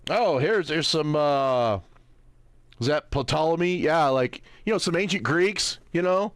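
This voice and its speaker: Sarcastic male streamer, lively pitch. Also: dry recording. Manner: sarcastic, mocking, keeps asking "right?"; squints at small text, reads aloud haltingly. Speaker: livestream host. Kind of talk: livestream commentary while browsing.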